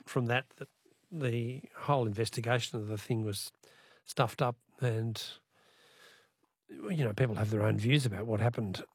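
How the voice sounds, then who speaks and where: A man's voice: mid-range voice, a bit bright, dry recording, studio quality. An Australian man hosting a talkback radio quiz, chatty and rambling, laughing often between remarks. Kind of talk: casual talkback radio chat.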